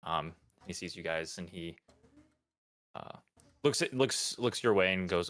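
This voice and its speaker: Low-voiced man running a tabletop game. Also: a little slow, long pauses, fairly bright tone. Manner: loose, full of fillers and restarts. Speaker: dungeon master.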